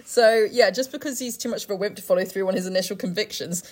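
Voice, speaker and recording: A woman's voice: mid-range voice, fast talker. A woman co-hosting a podcast, retelling scenes sarcastically with swearing and laughter. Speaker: podcast co-host. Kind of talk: casual chat.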